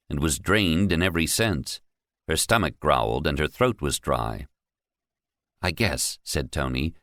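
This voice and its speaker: Deep-voiced male audiobook narrator. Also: no echo, studio quality. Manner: measured, steady storytelling. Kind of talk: scripted narration.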